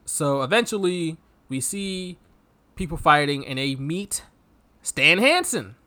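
Man, bright voice, a bit high, casual podcast banter, sarcastic, laughs a lot. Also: sing-song, slow. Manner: jokey, laughs often, sarcastic. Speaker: podcast co-host. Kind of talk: casual movie review chat.

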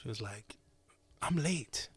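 A young man spinning a crude, profane story, his pitch bouncing all over as he acts out each exchange. The recording is dry and close, with no room sound. He laughs through his lines and leans on slang. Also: animated, takes it slowly, slightly rough, dry recording. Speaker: podcast co-host.

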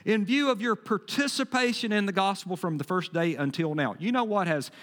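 A pastor delivers a brisk sermon from the pulpit in a church sanctuary, his high, bright voice carrying a sharp edge. He swings between ringing, emphatic bursts and quieter, folksy asides, with the sanctuary's long reverb trailing each line.

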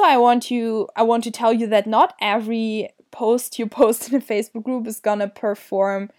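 A young woman hosts her own podcast in a loose, chatty solo monologue. Her voice sits a little high and keeps an upbeat, friendly drive, often repeating words for emphasis. A slight crack runs through it, as if she were about to sneeze. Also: a little mellow. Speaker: podcast host. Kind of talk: casual solo podcast talk.

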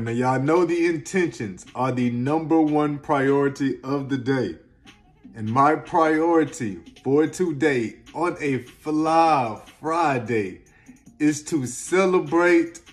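Energetic slangy man, motivational vlog. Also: a little high, slight background noise. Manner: energetic, slangy, emphatic, swings between loud and soft. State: close to tears at times. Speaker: self-help video host. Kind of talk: motivational casual talk to camera.

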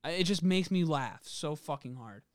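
A man's voice: a little high, animated, moderate pace, no echo, clean studio sound. A young man co-hosting a podcast, chatting casually and joking, swearing freely with lots of fillers. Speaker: podcast co-host. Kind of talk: casual chat.

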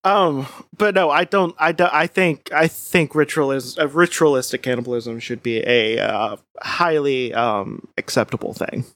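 A woman in casual comedic podcast chat, rambling and animated, with playfully dark humor. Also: a bass voice, moderate pace, few pauses, no room sound.

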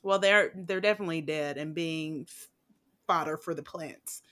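A woman's voice: sits low, moderate pace, pushed and bright. A woman co-hosting a podcast in casual chat, blunt and profane, often laughing and going off on tangents. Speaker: podcast co-host.

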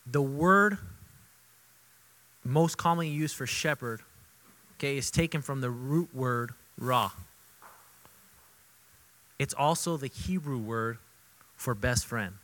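A man preaching a sermon as pastor, conversational and repetitive for emphasis, moving between loud emphatic bursts and quiet intimate asides. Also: medium pitch, slow pace, long pauses, rough recording. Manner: conversational, repeats himself for emphasis.

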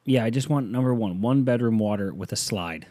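A man hosting his own podcast in loose, joking casual chat, rambling with sudden jumps in pitch. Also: a little fast, dark tone, dry recording. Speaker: podcast host.

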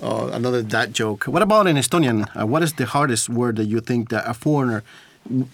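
Guy with a gravelly voice teasing his cohost, laughing a lot, dry studio sound. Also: mid-range voice, expressive, a little fast, a bit bright, dry recording. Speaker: podcast co-host. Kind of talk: joking casual chat. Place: recording studio.

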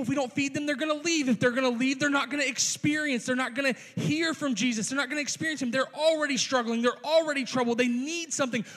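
A man with a very high voice preaches a sermon, and the sound carries a long reverb off a big church sanctuary. As a youth pastor he talks casually and tosses in playful asides. He often restarts his sentences. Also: a bit bright. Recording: long reverb of a large hall.

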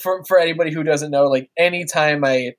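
A man's voice: on the high side, fairly quick. A man talking as a guest on a podcast, telling stories casually, swearing and laughing easily. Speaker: podcast guest and wrestling-game streamer.

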